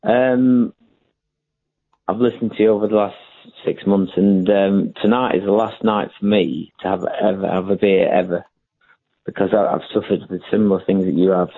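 Drunk caller on a tinny phone line. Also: male voice, low voice, steady tone, creaky, dry recording. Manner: rambling, halting, repeating words.

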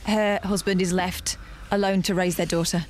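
A woman's voice: on the low side, little pitch movement, normal speed, a little hiss or hum. A woman co-hosting a radio show, telling a story in a plain, amused way. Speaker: radio co-host. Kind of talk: casual on-air banter.

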